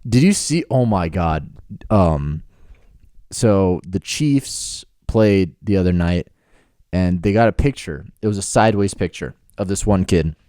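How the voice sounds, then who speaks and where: Deep-voiced joking podcast guy. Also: animated, a little slow, dark tone, dry recording, clean studio sound. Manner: joking, crude, laughs often. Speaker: podcast co-host. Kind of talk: casual chat.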